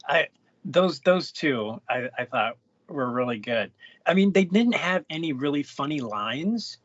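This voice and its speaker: A man co-hosting a movie podcast, talking casually and haltingly, often repeating words. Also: a little high, expressive, a bit bright, dry recording. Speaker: podcast co-host. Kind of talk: casual movie review chat. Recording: dull lo-fi dry sound.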